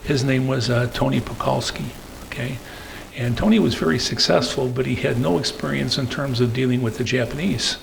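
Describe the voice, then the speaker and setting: An older man tells stories to a meeting room while clicking through slides. His voice is gravelly and sits at an ordinary pitch. He rambles, hesitates on fillers and keeps tagging his points with "okay?". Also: brisk, a little hiss or hum, poor audio. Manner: rambling, peppers sentences with "okay?"; hesitant fillers between phrases. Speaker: guest speaker. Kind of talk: anecdotal storytelling talk.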